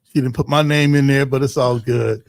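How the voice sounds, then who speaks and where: A man's voice: medium pitch, steady tone, normal speed, vocal fry, dry recording. Dry-voiced joking man hosting a livestream. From Ohio. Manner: loose and joking, many fillers and restarts. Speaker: host of a community livestream. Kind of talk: casual livestream chat, reading viewer comments.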